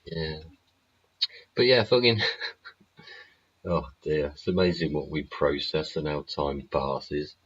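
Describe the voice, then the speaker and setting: A man's voice: rumbling low, slow pace, long pauses, husky, muffled recording. A man hosting his show in a casual, sweary, rambling monologue, laughing often. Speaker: show host. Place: home studio.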